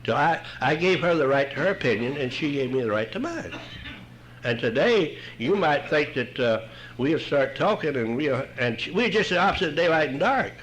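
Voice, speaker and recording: Folksy older man, lively voice. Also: a little high, normal speed, slight background noise, rough recording. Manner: folksy, wry, chuckling. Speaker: recovery meeting speaker. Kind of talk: humorous personal storytelling talk.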